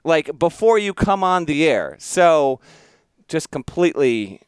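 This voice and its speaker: A man telling a story on a podcast in a rambling, self-mocking way. His voice is smooth and a little high, recorded close and dry. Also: big pitch swings, a little slow, dry recording. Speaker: podcast host. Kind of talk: casual storytelling chat.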